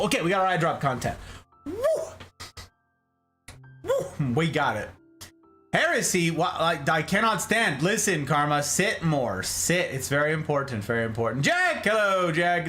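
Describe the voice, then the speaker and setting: A man's voice: fairly high pitch, pushed and bright. A man hosting a live stream in casual chat, playfully greeting viewers and reading chat aloud. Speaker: streamer host.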